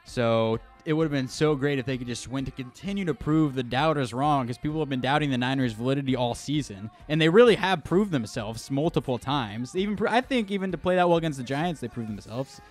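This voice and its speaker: A young man co-hosting a studio sports talk show, measured and analytical, with a wry edge and faint music behind. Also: medium pitch, lively intonation. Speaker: radio show co-host. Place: radio studio.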